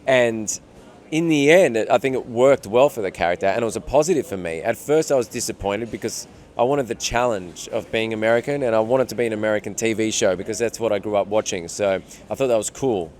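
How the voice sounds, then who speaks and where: Low-voiced Australian man, thoughtful. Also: fairly quick, darkish tone. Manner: reflective, thinks aloud with fillers. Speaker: actor being interviewed. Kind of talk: casual interview answers.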